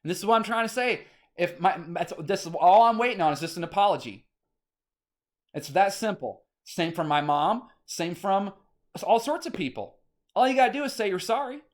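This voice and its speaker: Male vlogger, high-ish voice, agitated rambling rant, salty language. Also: expressive, normal speed. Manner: agitated, rambling, swears often. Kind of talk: casual ranting monologue.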